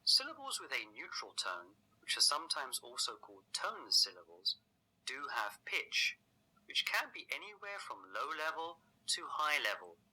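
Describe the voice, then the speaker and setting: A man narrates a scripted language lesson with a measured, explanatory delivery. His voice is very bright and ringing. His pitch moves in lively swoops as he walks through each point. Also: breathy edge, poor audio. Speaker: language teacher.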